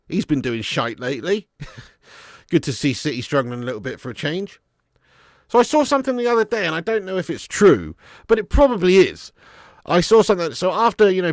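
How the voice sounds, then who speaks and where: A medium-pitched man hosts a football watch-along livestream in clean studio sound with no room noise. Though a bit sick and snotty, he stays chatty, reading the chat aloud and laughing often with his viewers.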